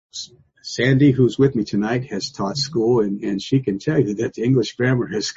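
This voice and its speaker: An older man leading a folksy Bible study lesson, stressing small words and repeating them for emphasis, with a husky voice. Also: mid-range voice, darkish tone, lo-fi sound. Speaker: Bible teacher.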